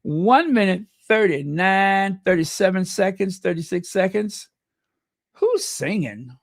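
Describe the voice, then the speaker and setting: A man hosting a casual livestream, chatty and excitable, talking to himself as he goes. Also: sits high, slow pace, creaky, dry recording, clean studio sound. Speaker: livestream host.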